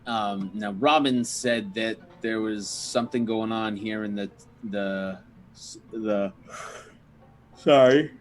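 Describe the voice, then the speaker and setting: A man's voice: lowish voice, takes it slowly, faint music behind. A man playing a tabletop game, talking casually and stumbling over his words. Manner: hesitant, stumbling. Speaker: player.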